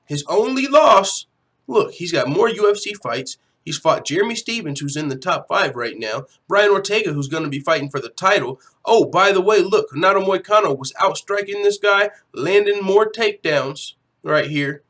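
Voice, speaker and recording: A man's voice: high-pitched, lively intonation, moderate pace, hardly any pauses, fairly bright tone. A young man hosting a casual livestream from home, talking loosely, swearing freely and reading viewers' chat aloud. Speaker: livestream host.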